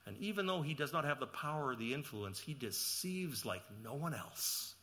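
A man preaching a sermon, asking the listeners questions and reading scripture, rising to loud emphatic peaks and dropping to quiet low passages. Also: lively intonation, normal speed. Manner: asks the listeners questions and reads scripture aloud. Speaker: pastor.

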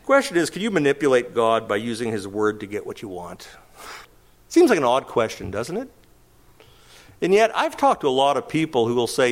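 A man's voice: medium pitch, sing-song, normal speed. A man preaching a sermon, asking rhetorical questions and chuckling now and then. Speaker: pastor.

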